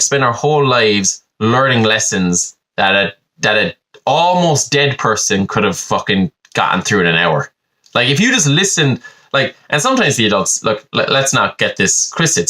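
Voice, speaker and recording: A man's voice: mid-range voice, bright, forceful tone. A young man, hosting a podcast in a rambling, sweary and self-mocking comic monologue. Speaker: podcast host.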